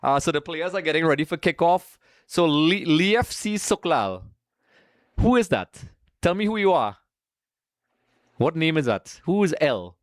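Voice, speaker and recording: A man's voice: on the high side, animated, a little slow, long pauses, no room sound, clean studio sound. A man from Trinidad, hosting a live watch-along stream in a casual, chatty way, greeting viewers by name and calling them folks.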